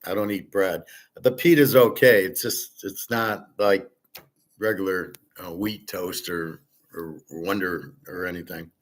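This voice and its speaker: Deep-voiced and a little slow, a host delivers a casual, blunt, opinionated monologue with fairly even intonation. He curses freely, wanders along with filler words, and lets his sentences fade out quietly.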